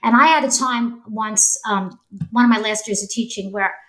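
A woman in her sixties speaks as a guest in a casual podcast conversation. Her voice sits a little high, and she stresses her points earnestly. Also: normal speed, fairly bright tone, low-quality recording. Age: 60s.

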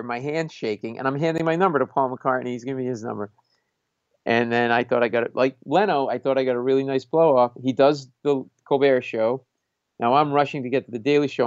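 A man, a stand-up comedian, telling a lively story in casual talk, acting out other people's voices and laughing often. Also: medium pitch, no echo, lo-fi sound. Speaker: stand-up comedian, podcast host. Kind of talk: casual anecdote on a talk show.

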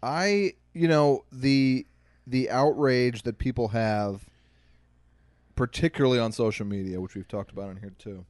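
A young man co-hosting a podcast, telling stories in casual, animated chat. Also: mid-range voice, no echo. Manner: animated storyteller, quick asides. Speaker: podcast co-host.

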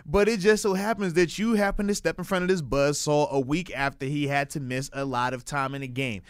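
A man's voice: fairly high pitch, steady tone, clean tone, no echo, studio quality. Hyped, emphatic sports talk man. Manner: emphatic, hyped, playful drawn-out delivery. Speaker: sports podcast co-host.

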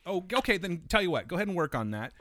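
A man's voice: high-pitched, very animated, racing, a crowd in the background. A man co-hosting a podcast in casual chat, joking and swearing, slipping into impressions. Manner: profane, joking, breaks into impressions. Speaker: podcast co-host.

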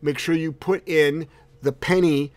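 A man's voice: fairly high pitch, fairly even intonation, unhurried, a little mellow, no echo. Blunt, emphatic man host, dry sound. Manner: emphatic, blunt, repeats words. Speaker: dog trainer and show host. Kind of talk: casual live Q&A chat.

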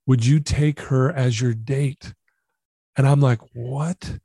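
A middle-aged man recounting a personal story as an interview guest, earnest and animated, acting out the dialogue. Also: mid-range voice, takes it slowly, dry recording, clean studio sound.

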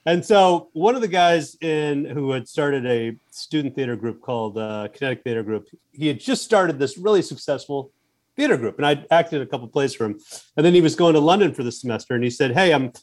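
A man being interviewed as a guest, telling long anecdotes in a casual, animated way and acting out what other people said. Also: medium pitch, a little fast. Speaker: guest, founder of a comedy group.

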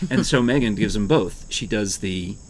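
A man's voice: fairly low pitch, lively intonation, measured pace, slight background noise. A man hosting a casual chat, teasing and playful.

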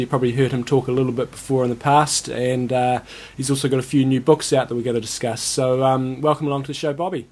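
A man hosting a podcast, speaking in a halting way with fillers. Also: mid-range voice, darkish tone. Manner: halting, many fillers and restarts. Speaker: podcast host. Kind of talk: casual chat and interview.

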